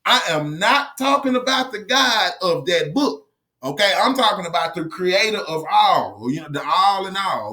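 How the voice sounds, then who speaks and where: A man's voice: high voice, pushed and bright. A man giving a blunt, profane opinion monologue, lecturing his audience and hammering his points home by repeating them. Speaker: commentary channel host.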